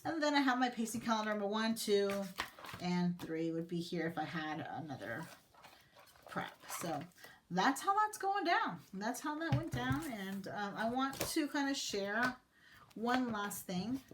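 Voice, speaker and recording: A woman in her thirties talks through her teacher planners in a relaxed, slow vlog style, pausing often with fillers. She is gently sentimental and speaks at a middle pitch. A faint hiss sits under the recording. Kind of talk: casual show-and-tell vlog.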